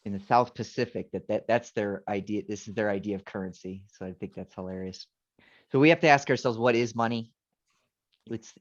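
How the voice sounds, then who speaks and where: Rambling male teacher on a dull video call. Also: medium pitch. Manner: rambling, self-correcting, frequent restarts. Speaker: teacher giving a presentation. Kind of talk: informal talk with slides.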